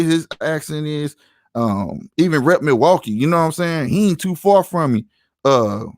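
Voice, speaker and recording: A man's voice: fairly high pitch, no echo, studio quality. Slangy St. man chatting on a podcast. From St. Louis, USA. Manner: slangy, storytelling, lots of "you know what I'm saying". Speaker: podcast host. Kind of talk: casual podcast chat.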